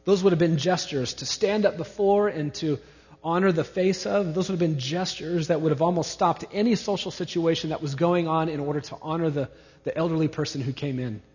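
A man's voice: fairly high pitch, fairly quick, a little mellow. A male pastor preaching an expository sermon, who stresses his main points by repeating key words. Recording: reverberant hall, dull lo-fi sound.

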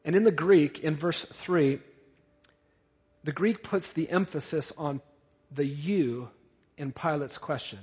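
A husky, fairly high-voiced male pastor preaching an expository sermon and stacking up emphatic repeated phrases. His voice carries a long reverb through a church hall, and the recording sounds dull. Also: a little slow, darkish tone. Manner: emphatic, building repetition.

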